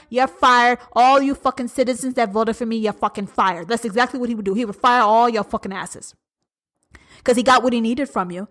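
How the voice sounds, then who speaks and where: Woman ranting, profane and heated. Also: on the high side. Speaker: podcast host. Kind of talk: profane political rant.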